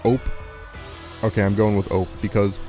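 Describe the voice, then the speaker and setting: Chatty man, low mellow voice. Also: level tone, normal speed, soft background music. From Minnesota. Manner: chatty and rambling, full of "like" fillers. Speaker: channel host. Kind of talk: casual vlog chat reading quiz questions.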